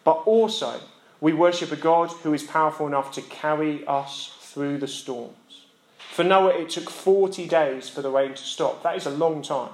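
A man's voice: a little high, normal speed, a little mellow. A young man, a lay preacher who teaches physics, giving an earnest sermon that repeats its key lines for emphasis. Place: church hall. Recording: echoey church room.

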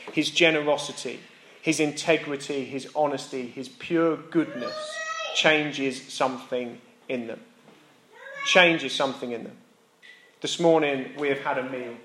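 British male pastor, conversational sermon delivery, lightly raised pitch, reverberant church room. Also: a bit bright, a little hiss or hum. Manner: conversational preaching with asides and self-mocking laughs.

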